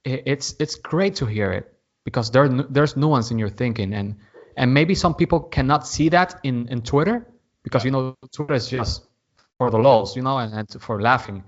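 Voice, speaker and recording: A man's voice: medium pitch, moderate pace. Hesitant man hosting a podcast. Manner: hesitant, repeats words, searches for English words. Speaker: podcast host. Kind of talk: casual podcast interview. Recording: slightly muffled audio.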